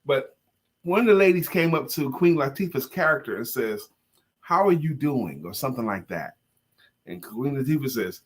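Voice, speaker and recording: A man co-hosting a live coaching talk show in a relaxed, chatty way. He is playful and emphatic, and his fairly high voice swings widely in pitch. He sounds animated as he makes his points. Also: fairly quick, breathy edge. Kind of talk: casual live-stream chat.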